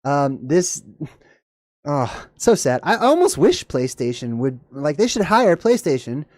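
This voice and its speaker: A man hosting a casual video, commenting in a jokey, animated way. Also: measured pace, dry recording, clean studio sound. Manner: animated, jokey, voice jumps high when excited. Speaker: video host.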